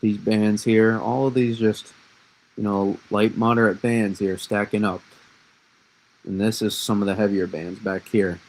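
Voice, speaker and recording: This man's lowish voice stays level and unhurried, and the recording is rough. He loosely explains a snowstorm forecast during a live stream, wandering off track, restarting his thoughts, and responding to the chat's questions.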